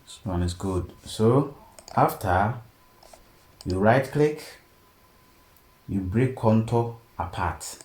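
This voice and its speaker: A man teaching a design software tutorial step by step and often checking in with "okay?". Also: fairly low pitch, takes it slowly, long pauses. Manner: steady step-by-step explaining, frequent "okay?" check-ins. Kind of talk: screen-recorded tutorial narration. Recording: echoey room, faint background noise.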